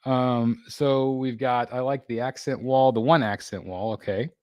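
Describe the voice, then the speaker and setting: A man's medium-pitched voice, steady and darkish, recorded dry. He hosts a casual livestream from a home room that's being built, reading viewer comments haltingly with many fillers and restarts, laughing often as he goes.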